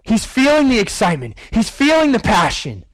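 A man's voice: very high voice, huge pitch swings, brisk, no room sound, low-quality recording. A male guest preacher giving a sermon, telling a story vividly and acting out the scenes.

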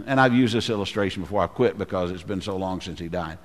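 A male pastor preaching a dramatic sermon, often clearing his throat and dropping low when he speaks as the giant. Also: fairly even intonation, a little fast. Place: church sanctuary. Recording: long hall reverb.

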